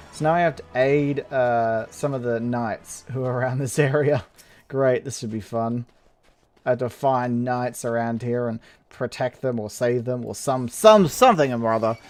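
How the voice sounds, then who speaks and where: A man giving casual, rambling gameplay commentary, excitable and laughing often as he plays. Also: medium pitch. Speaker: gameplay video host.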